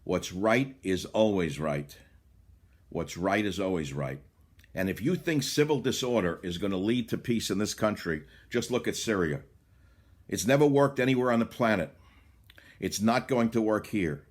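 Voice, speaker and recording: An older man with a low voice rants through a political monologue. He swings from loud indignant outbursts down to low, muttered asides. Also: lively intonation, moderate pace. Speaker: radio talk host. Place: small cottage by the bay.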